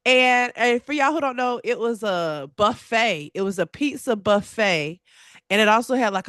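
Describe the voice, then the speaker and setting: A woman hosting a solo podcast in a casual, chatty way, talking straight to her listeners with lively, expressive swings in her voice. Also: dry recording, studio quality. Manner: animated and expressive, with big pitch swings; chatty and confiding, addresses listeners directly. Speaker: podcast host.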